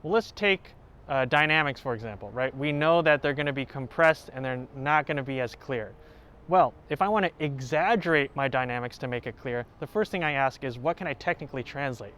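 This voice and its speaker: A man who plays violin, hosting a tutorial and calmly explaining step by step, now and then singing short examples. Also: medium pitch, brisk. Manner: clear, explanatory, with sung examples. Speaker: violin teacher and channel host. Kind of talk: instructional talk to camera. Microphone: home recording setup.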